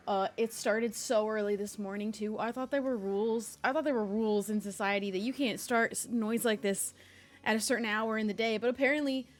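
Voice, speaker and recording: A young adult woman streaming live, chatting casually and rambling, laughing often between complaints. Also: fairly high pitch.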